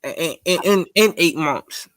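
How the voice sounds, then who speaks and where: A man's voice: a little high, a little slow, fairly bright tone, dry recording. A man joining a live online talk show over video call, greeting people in a laid-back, friendly way. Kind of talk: casual live-stream chat.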